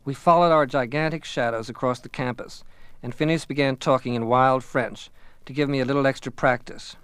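A man reading a first-person story aloud in a measured, reflective way. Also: medium pitch, steady tone, a bit bright, smooth, no echo. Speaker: audiobook narrator. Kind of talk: scripted first-person narration.

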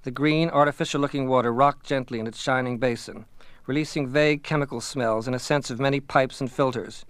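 A man reading a novel aloud as a first-person narrator, in a measured, even manner. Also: medium pitch, clear, resonant tone, no room sound. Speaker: audiobook narrator.

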